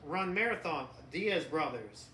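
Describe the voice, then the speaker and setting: Bright-voiced joking middle-aged man. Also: a little high, animated, a little slow. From New York. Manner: joking, laughs often, profane. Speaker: podcast co-host, father. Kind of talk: casual chat. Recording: echoey room, faint noise.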